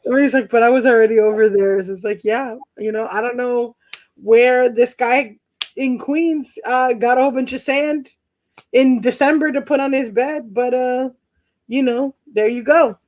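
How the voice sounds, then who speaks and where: Young woman, stand-up comic, high voice, rambling delivery, shouted punchlines, video call from home. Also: steady tone, normal speed. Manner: rambling, breaks into laughter, loud shouted punchlines. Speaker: stand-up comedian. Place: home during quarantine.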